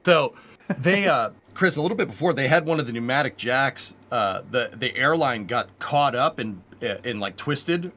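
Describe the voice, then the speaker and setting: A man's voice: mid-range voice, animated, moderate pace, bright, forceful tone. A man co-hosting a livestream in casual conversation. He explains things in a loose, rambling, easygoing way. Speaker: livestream co-host.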